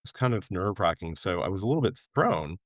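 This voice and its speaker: A man's voice: quick pace, dry recording. A man from New York, a podcast guest, telling a travel story with energy and acting out the people he quotes. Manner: animated anecdote-telling, acting out quoted voices with big pitch jumps. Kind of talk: casual storytelling interview.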